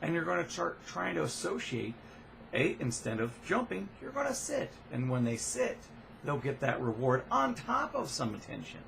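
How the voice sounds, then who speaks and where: A man working as a dog trainer, giving a casual instructional talk in a relaxed, plain way with frequent fillers. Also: a little high, normal speed, creaky, a little hiss or hum.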